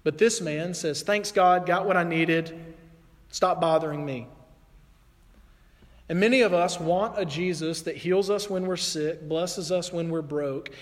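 A man preaching a sermon in a casual, conversational way, acting out quoted voices by raising his pitch. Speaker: pastor. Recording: long hall reverb.

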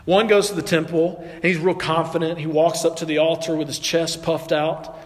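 Guy preaching to his church, kinda higher voice, long echo off the hall. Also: flat delivery, normal speed. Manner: conversational preaching, acts out biblical voices. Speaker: pastor. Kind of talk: sermon.

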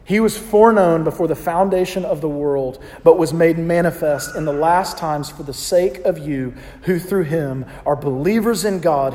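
High-voiced Southern pastor, echoey hall. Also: male voice, dark tone. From American South. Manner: conversational storytelling with congregation call-outs. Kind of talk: sermon.

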